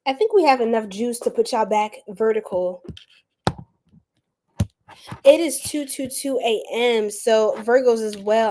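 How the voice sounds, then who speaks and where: Woman tarot reader on a casual live stream, slightly high voice, talkative and lively with viewers. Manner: chatty, animated, laughs often, says y'all. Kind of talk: casual livestream reading.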